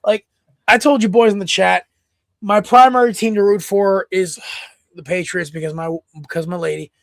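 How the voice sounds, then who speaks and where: A man co-hosting a sports podcast, chatting casually and excitably, rambling with lots of restarts. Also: high voice, moderate pace, creaky, dry recording, clean studio sound. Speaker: podcast co-host.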